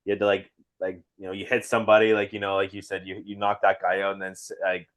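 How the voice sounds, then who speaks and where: A man's voice: deep voice, completely flat delivery, quick pace, fairly bright tone. A man co-hosting a podcast, asking questions in a rambling way full of fillers. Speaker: podcast co-host. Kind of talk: casual chat.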